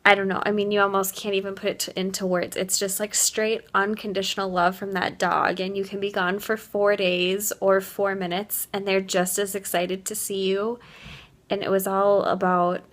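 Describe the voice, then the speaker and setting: A woman's voice: mid-range voice, little pitch movement, moderate pace, a bit bright. Young woman vlogging at home, heartfelt and gushy, says like a lot, normal mid voice, camera in hand. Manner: gushing, heartfelt, heavy use of "like". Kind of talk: casual vlog chat.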